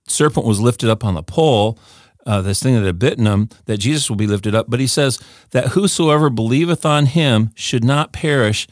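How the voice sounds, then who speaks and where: An older man teaching scripture in an easygoing, eager way, often repeating a word as he restarts a thought. His voice sits at a middle pitch and sounds dry and close, with no room around it. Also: no room sound. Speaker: Bible teacher. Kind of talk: informal scripture teaching talk.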